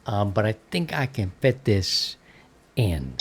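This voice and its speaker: Man, middle-aged, podcast host, low voice, casual rambling chat, lots of fillers. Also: sing-song, slow pace, music in the background. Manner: rambling, easygoing, many fillers. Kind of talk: casual ham radio chat.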